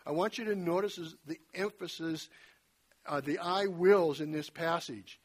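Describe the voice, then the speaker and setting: A man preaching a sermon in a conversational way, retelling scripture with lively folksy asides and a slightly husky voice. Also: on the high side, normal speed.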